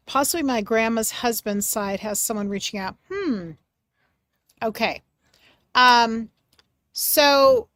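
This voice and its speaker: A woman hosting a live mediumship reading for her chat, gentle and reassuring, searching for words with many pauses and fillers. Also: fairly high pitch, no echo, studio quality. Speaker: medium and livestream host.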